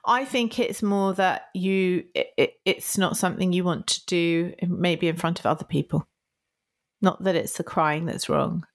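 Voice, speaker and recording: A woman's voice: lowish voice, steady tone, measured pace. Chatty woman podcast co-host. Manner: laughs often, acts out apologetic quotes. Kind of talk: casual chat.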